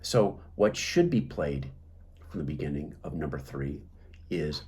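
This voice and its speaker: A man's voice: rumbling low, lively intonation, measured pace, darkish tone. A man teaching clarinet technique, talking through the music with many fillers and restarts. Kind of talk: instructional talk.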